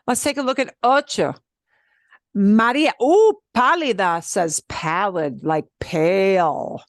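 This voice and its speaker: Animated woman teaching a beginner class. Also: mid-range voice, no echo, clean studio sound. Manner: animated, explanatory, laughs often. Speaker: Spanish teacher. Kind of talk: beginner language lesson.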